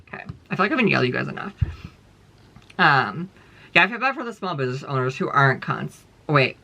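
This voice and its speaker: A man's voice: on the high side, very animated, fast, vocal fry, sharp tone. A man vlogging a casual rant to his viewers, rambling and profane, with constant fillers and emphatic jabs.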